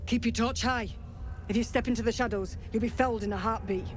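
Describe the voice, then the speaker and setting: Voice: medium pitch, steady tone, fairly quick, soft background music, close to an everyday voice. A voice actor playing a curt, matter-of-fact scout who guides travelers through a cursed land in a video game. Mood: grim.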